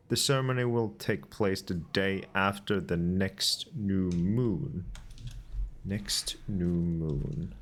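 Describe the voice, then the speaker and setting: A man streams a game in a relaxed commentary, with a very deep voice and a slow, unhurried pace. He mutters to himself while puzzling things out and reads notes aloud. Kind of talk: casual gameplay commentary.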